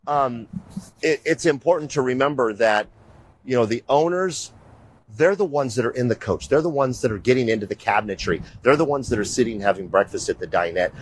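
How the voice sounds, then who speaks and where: A middle-aged show host walks viewers around, talking casually and energetically in an animated, rambling way and often calling them "you guys." His mid-range voice moves a little fast with a breathy edge, and the recording is rough.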